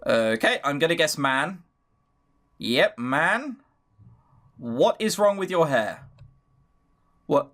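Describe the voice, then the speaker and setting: A man's voice: a little high, big pitch swings, slow, long pauses, a bit bright. Sarcastic young man commenting on a game. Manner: sarcastic, jokey, giggles at the story. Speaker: let's play host. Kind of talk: casual commentary on a visual novel.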